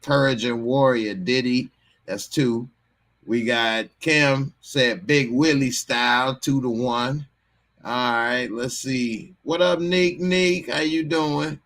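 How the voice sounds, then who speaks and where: A man's voice: medium pitch, slow, a bit bright. A man hosting a casual live stream, laid-back and chuckling as he greets chatters. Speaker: livestream host.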